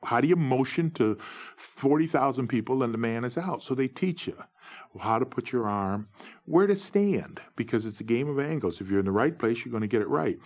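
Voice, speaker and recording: Husky middle-aged man spinning anecdotes. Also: a little fast. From New York State, USA. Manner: animated, acts out dialogue with big pitch jumps. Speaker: former umpire telling his stories. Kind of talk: anecdotal storytelling.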